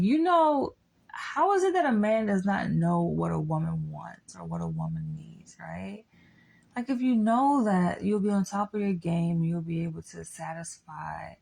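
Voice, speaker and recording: A woman's voice: lowish voice, creaky, a little mellow, breathy edge. A young adult woman giving a blunt, candid monologue to her audience, swearing freely as she states her opinions. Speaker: vlogger.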